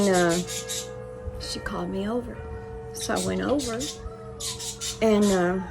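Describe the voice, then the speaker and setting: A middle-aged woman with a gravelly, medium-pitched voice hosts a casual chat. She tells a rambling story packed with quoted dialogue, chatting away and restarting often.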